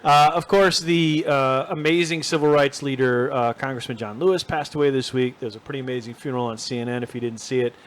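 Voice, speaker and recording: A man's voice: medium pitch, steady tone, fast talker, hardly any pauses. A man co-hosting a casual show, chatting and joking with the audience while playing a golf video game. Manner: chatty, jokey, talks to the audience. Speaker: podcast co-host.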